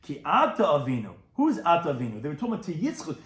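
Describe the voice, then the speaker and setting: Animated rabbi teaching Talmud, echoey room. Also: male voice, quick pace. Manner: animated, rises in pitch to stress points. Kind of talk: Talmud lecture.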